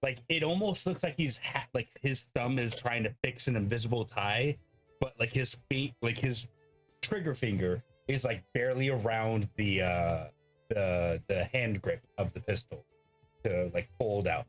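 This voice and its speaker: A man's voice: mid-range voice, faint music behind. Hesitant man describing his character. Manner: halting, searching for words. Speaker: player.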